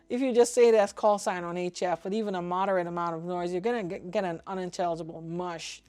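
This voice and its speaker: A woman from Trinidad and Tobago, a ham radio vlogger, explaining things in an opinionated, casual way and spelling out call signs slowly. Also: lowish voice, darkish tone. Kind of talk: casual explanatory talk to camera.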